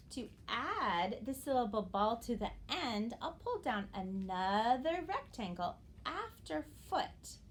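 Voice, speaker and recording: Female teacher for young kids: slow, bouncy intonation, encouraging, light room noise. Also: on the high side. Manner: slow, drawn-out modeling of words; encouraging, addresses young students directly. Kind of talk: early-grade phonics lesson.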